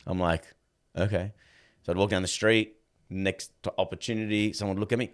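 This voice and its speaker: A man's voice: on the low side, a little fast. A man, a podcast guest and dog trainer, chatting casually and acting out quoted dialogue as he tells stories. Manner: animated storyteller, acts out quoted dialogue. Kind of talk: casual conversation.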